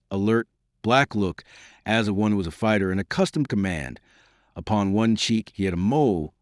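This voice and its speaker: A man reading an audiobook in a measured, formal storytelling manner. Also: lowish voice, no room sound, studio quality. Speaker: audiobook narrator. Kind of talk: scripted audiobook narration.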